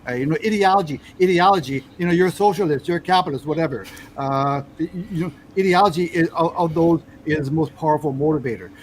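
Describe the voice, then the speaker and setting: A man's voice: on the high side, a little hiss or hum, rough recording. A man talking as a podcast guest in casual conversation, often stumbling and repeating words while he works toward his point. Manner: halting, repeats words and restarts.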